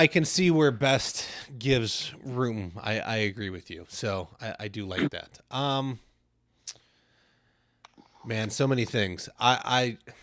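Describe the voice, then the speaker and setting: A man's voice: medium pitch, a bit bright, dry recording, clean studio sound. Agreeable male podcast host. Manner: affirming, agreeable, halting. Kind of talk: casual interview.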